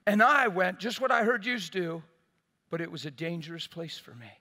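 A man preaching a sermon in an expressive, emphatic way, swinging between loud bursts and hushed passages. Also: high-pitched, moderate pace, in a large hall.

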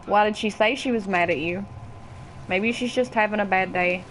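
Kentucky woman in her twenties, loose foul-mouthed streamer chatter, mid-pitched. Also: normal speed, a bit bright, slight background noise, low-quality recording. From Kentucky, USA. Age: 20s. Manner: profane, chatty, greets viewers by name. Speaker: game streamer. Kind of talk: casual gaming stream chat.

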